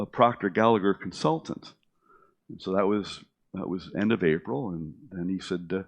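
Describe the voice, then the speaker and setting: Low-voiced man telling his story. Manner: animated, acts out quoted dialogue with many fillers and restarts. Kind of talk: casual storytelling.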